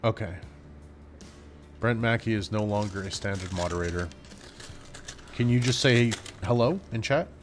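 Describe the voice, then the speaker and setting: A man's voice: on the low side, over music. A man co-hosting a casual livestream chat on a desk mic, upbeat and teasing. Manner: upbeat, teasing, quick to exclaim. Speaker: co-host.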